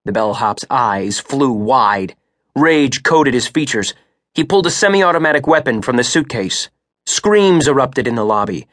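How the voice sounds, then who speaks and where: A man narrating an audiobook thriller in a steady, measured way. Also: medium pitch, dry recording, studio quality. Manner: steady, measured, rising for action beats. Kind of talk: scripted narration.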